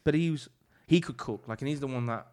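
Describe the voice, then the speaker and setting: A man from England in his forties tells rambling kitchen stories in a casual chat. He talks loosely, swears freely and laughs often, with a voice of middling pitch. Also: quick pace, a little mellow. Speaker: chef guest.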